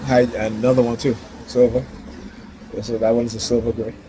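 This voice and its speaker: A man's voice: medium pitch, level tone, normal speed, noisy background. A man vlogging from his car in a casual, heated rant, rambling and repeating "you know" and "right?".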